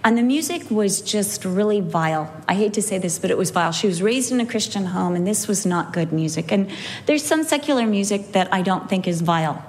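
A woman's voice: medium pitch, a little fast. Emotional woman in her fifties telling stories. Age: 50s. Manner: emotional storytelling with animated quoted voices. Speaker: Bible teacher. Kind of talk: women's Bible teaching talk.

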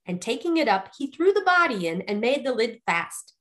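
Expressive woman reading a fairy tale. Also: a little high, normal speed. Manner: expressive, lively storytelling. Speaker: storyteller.

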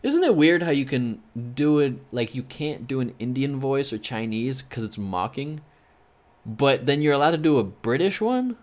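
A man's voice: mid-range voice, animated, normal speed, a little mellow. A man hosting his own podcast alone, making fight predictions in a rambling, joking way with lots of fillers. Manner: rambling, joking, heavy on "you know" fillers. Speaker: podcast host.

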